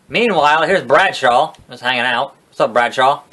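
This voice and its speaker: A man's voice: mid-range voice, normal speed, sharp tone. A young man casually commentating his wrestling video game playthrough, rambling, sarcastic and swearing at the characters. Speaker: gaming video host. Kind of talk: casual let's-play commentary.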